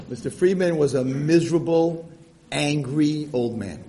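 A man giving a storytelling lesson, animated and lively, often repeating words as he gets going. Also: a little high, moderate pace. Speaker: lecturer.

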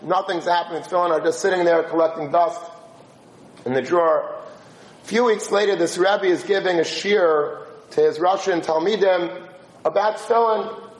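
A man with a high voice tells a story to listeners, acting out each character's lines as he goes. His speed shifts from quick bursts to slow, stretched phrases. The sound carries a roomy echo. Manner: animated, acts out dialogue with shifting voice and pace. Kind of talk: spoken religious story.

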